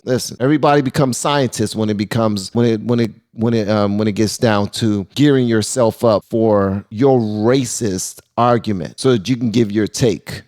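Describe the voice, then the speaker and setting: A man's voice: medium pitch, darkish tone, no echo, studio quality. A man hosting a reaction commentary, talking in an emphatic, casual and slangy way and often repeating himself. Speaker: reaction channel host.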